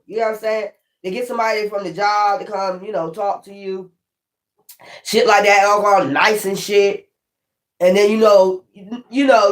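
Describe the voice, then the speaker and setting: A woman giving a casual spiritual tarot reading, swearing often and repeating her points for emphasis. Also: mid-range voice. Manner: profane, emphatic and repetitive. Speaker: tarot reader. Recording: echoey room.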